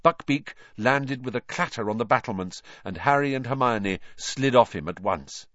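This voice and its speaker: A man narrates an audiobook with a lively, expressive reading that rises and falls freely. The recording is dry and close, with a dull, slightly lo-fi tone. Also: medium pitch, normal speed, no room sound. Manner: expressive reading, doing the characters' voices.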